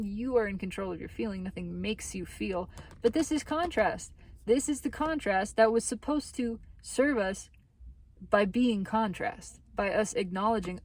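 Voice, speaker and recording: A woman giving a casual spiritual tarot reading. She is animated, laughs often and swears casually. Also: medium pitch. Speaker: tarot reader.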